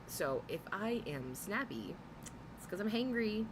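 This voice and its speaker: Her medium-pitched voice is sing-song and a little slow as this thirty-something reaction streamer laughs and chats casually while greeting her live viewers. She is in a home room where an air conditioner hums, and there's background noise.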